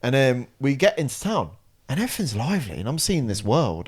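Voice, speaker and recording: A young man, a podcast co-host who tells an animated, self-mocking story with lots of swearing. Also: mid-range voice, brisk, breathy edge. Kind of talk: casual chat, storytelling.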